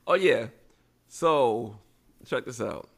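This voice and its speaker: Gravelly man telling a story. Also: medium pitch, slow pace. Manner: animated storyteller acting out quotes. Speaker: podcast co-host. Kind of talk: casual storytelling chat.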